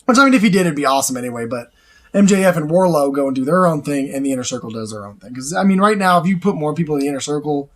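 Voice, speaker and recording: Guy hosting a chat show, pretty high voice, gets hyped and laughs a lot, rambles and restarts. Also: lively intonation, rapid-fire. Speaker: show host. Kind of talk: casual chat.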